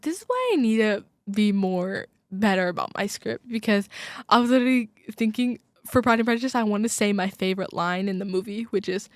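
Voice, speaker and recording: Young woman, podcast host, gushing casual chat, lots of "like", middle pitch, dry close sound. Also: no echo. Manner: gushing, filler-heavy, quick asides. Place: college radio studio.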